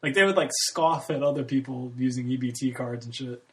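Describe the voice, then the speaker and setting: A man's voice: medium pitch, brisk. A man in his early thirties, rambling candidly in a casual monologue, swearing freely and laughing often. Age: 30s. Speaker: podcast host.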